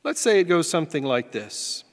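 A man's voice: a little high, big pitch swings, normal speed, in a large hall. A man preaching a sermon as pastor, in a folksy, self-deprecating way.

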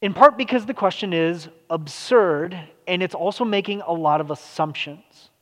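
A man with a fairly high voice preaches a relaxed, conversational sermon, often stopping to restart a thought. His words ring out with a long reverb from a large hall. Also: moderate pace. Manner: conversational, with many fillers and restarts.

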